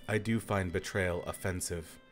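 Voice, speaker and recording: A man's voice: low voice, steady tone, moderate pace, soft background music, lightly acted. A man reading the part of a proud, guarded noblewoman who speaks icily. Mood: icy. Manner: icy, clipped.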